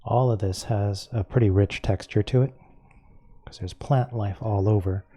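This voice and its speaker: A man teaching a painting lesson, explaining each step calmly and unhurriedly as he works. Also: fairly low pitch, moderate pace. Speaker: painting instructor.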